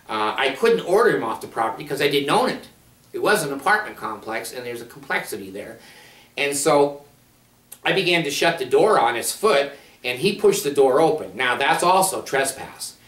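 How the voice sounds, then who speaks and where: An angry man telling a story as a rant, profane and animated, jumping from loud outbursts to low asides. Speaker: video blogger. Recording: echoey room, far from mic.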